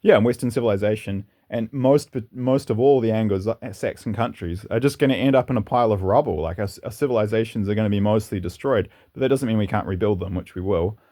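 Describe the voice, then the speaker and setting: A man's voice: fairly low pitch, quick pace, hardly any pauses, warm tone. A man hosting his own channel, talking through his views in a rambling, earnest monologue. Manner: rambling, earnest, with some laughter. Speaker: channel host. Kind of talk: casual opinionated monologue.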